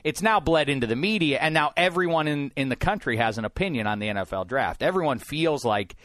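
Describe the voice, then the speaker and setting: A man from Pittsburgh hosting a sports talk show in a studio, rambling and getting more animated and emphatic as he goes. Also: mid-range voice, brisk, no echo. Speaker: sports radio host. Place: broadcast studio.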